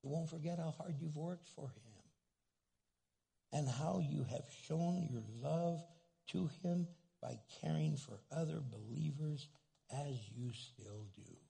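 A male pastor preaching a sermon with a husky voice, animated and playful, acting out grumpy people in comic asides. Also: a little high, takes it slowly. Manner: animated, acts out angry churchgoers in comic asides.

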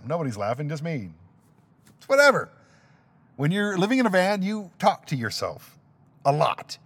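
A middle-aged man hosting his own podcast alone, rambling casually and cracking self-deprecating jokes. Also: mid-range voice. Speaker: podcast host. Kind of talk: casual solo podcast monologue.

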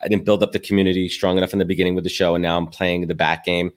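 A man hosting a podcast, telling rambling, animated stories with many restarts in casual talk. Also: low voice, rapid-fire. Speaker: podcast host.

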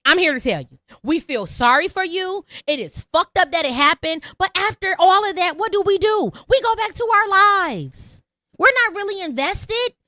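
A woman's voice: very high voice, expressive, normal speed, pushed and bright, no echo, clean studio sound. A young woman hosting a call-in podcast, ranting brashly and profanely at her listeners. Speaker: podcast host.

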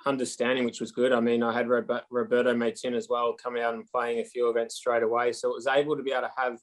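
A man's voice: medium pitch, level tone, quick pace. A man in his thirties from Australia with an Australian accent, chatting easily as an interview guest and running his sentences together. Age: 30s. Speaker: guest athlete. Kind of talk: casual interview over a call.

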